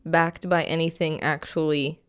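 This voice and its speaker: Woman coach, podcast co-host, low-pitched, frank and matter-of-fact. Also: flat delivery, unhurried, smooth. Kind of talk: casual chat.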